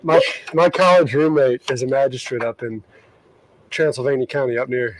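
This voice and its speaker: A man's voice: medium pitch, steady tone, normal speed, a little hiss or hum, low-quality recording. A man working the camera, chiming in with a hesitant, filler-laden story in casual chat. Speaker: camera operator. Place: outdoors behind a stadium.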